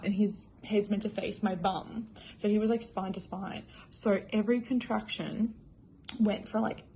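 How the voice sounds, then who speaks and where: A woman's voice: medium pitch, darkish tone, a little hiss or hum. A young woman casually telling her personal story in a chatty, emotional way, full of fillers. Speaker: new mother.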